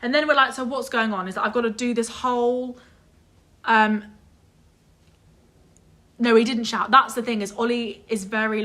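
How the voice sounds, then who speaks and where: A young woman telling a story in casual chat, animated and exasperated, swearing freely and mimicking others. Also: a little high, moderate pace, pauses often. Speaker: vlog guest telling a story.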